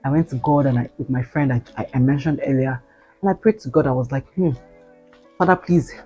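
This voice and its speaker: A woman in her twenties tells a personal story in a casual, animated way, with slangy exclaiming asides to her viewers. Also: extremely low pitch, fast talker, husky. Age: 20s. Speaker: vlogger. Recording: faint guitar music behind.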